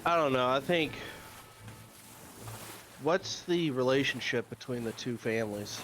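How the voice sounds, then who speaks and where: A man's voice: medium pitch, measured pace, over music. A man playing a character in a tabletop game, speaking in a hesitant, searching way. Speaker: player. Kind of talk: in-character tabletop role-play.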